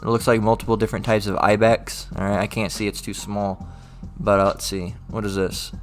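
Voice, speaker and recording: Low-voiced man teaching scripture casually. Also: flat delivery, brisk, faint music behind. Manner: repetitive, checks in with "all right?"; reads old-style scripture aloud with more lift. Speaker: religious teacher.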